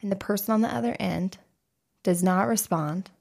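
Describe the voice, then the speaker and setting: A woman's voice: mid-range voice, normal speed, creaky, a little mellow. A woman co-hosting a podcast, talking frankly and candidly in casual chat, with free swearing. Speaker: podcast co-host.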